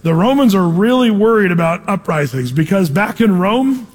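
A man preaching an expository Bible teaching, animated and conversational, asking his congregation questions as he reads the passage. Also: high-pitched, moderate pace. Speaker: pastor. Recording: long hall reverb.

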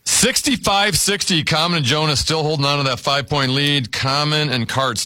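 A man hosting a word game show, briskly announcing scores and clues. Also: on the high side, bright, forceful tone.

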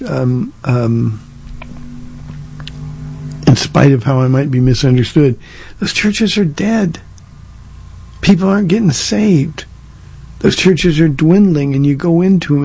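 A man's voice: on the high side, warm tone, slightly rough, no echo. A man who pastors a church, answering listener questions in a casual call-in format, earnest and conversational with frequent restarts. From Southern California. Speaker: pastor hosting a call-in radio show. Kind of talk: call-in Q&A talk.

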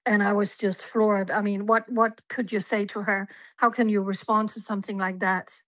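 A woman's voice: mid-range voice, flat delivery, normal speed, a bit bright, dry recording. A woman from Denmark telling her personal story as a guest on a radio interview, earnest and heartfelt. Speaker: guest journalist. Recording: dull lo-fi remote line.

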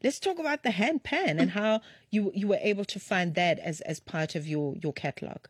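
A woman's voice: mid-range voice, lively intonation, a little fast, breathy edge, no room sound, clean studio sound. A woman interview host, effusive and affectionate, gushing praise for her guest. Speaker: radio host. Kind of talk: warm interview chat.

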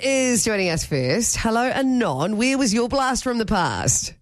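Giggly animated New radio co-host woman. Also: fairly high pitch, measured pace, dry recording, clean studio sound. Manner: giggly, exclaims and laughs often. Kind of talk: lively radio banter. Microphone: studio mic.

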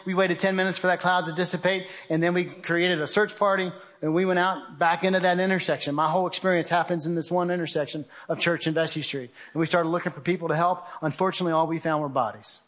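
A man's voice: on the high side, steady tone, fast talker, few pauses, fairly bright tone. A middle-aged man giving an earnest spoken testimony to an audience, telling his story in a direct, conversational way. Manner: earnest storytelling, addresses listeners as guys. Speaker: guest speaker.

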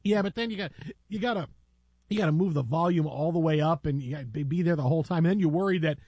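A man's voice: fairly high pitch, quick pace, a little mellow, no room sound. A man hosting a radio talk show in casual joking banter, rambling with frequent restarts. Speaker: radio host.

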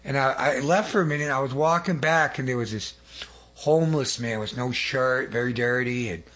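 A man's voice: medium pitch, normal speed, a bit bright. A man giving an earnest, rambling testimony sermon, often restarting and adding asides. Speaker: lay preacher.

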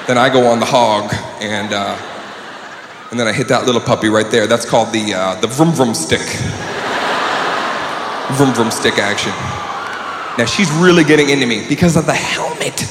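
A male stand-up comedian with a loud, swaggering delivery, acting out scenes with shouted voices. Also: mid-range voice, normal speed, pauses often, background noise. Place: comedy club on stage. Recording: roomy live club recording with crowd.

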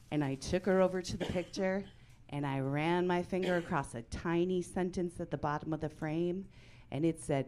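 A woman's voice: lowish voice, moderate pace. A woman in her forties doing stand-up comedy in a brassy, punchy, self-deprecating way. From Italian-American.

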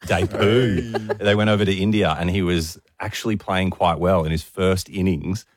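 A man's voice: deep voice, fairly even intonation, moderate pace, no room sound, studio quality. A man co-hosting a radio show, joking around with playful quips. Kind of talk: casual radio banter.

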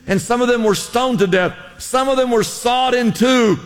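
High-voiced impassioned preacher, long reverb. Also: male voice, moderate pace. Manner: impassioned preaching, repeated exhortations. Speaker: pastor. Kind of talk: sermon. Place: church in LA.

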